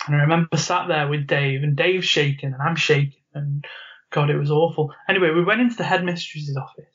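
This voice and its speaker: A man co-hosting a podcast, telling an animated story with frequent laughs and acted-out quotes. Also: fairly high pitch, fairly quick. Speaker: podcast co-host. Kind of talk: casual storytelling chat. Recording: muffled lo-fi podcast audio.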